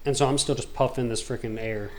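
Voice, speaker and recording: A man hosting a gaming video, telling a long story in a rambling, animated, slangy way. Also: mid-range voice, fast talker. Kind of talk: casual storytelling while gaming.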